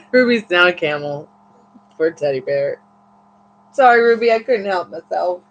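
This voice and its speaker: A woman's voice: on the low side, animated, a little slow, highs cut off, slight background noise. A woman hosting a live tarot stream who chats casually and coos playful baby talk to her dogs. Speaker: tarot reader and livestream host. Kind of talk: casual livestream chat.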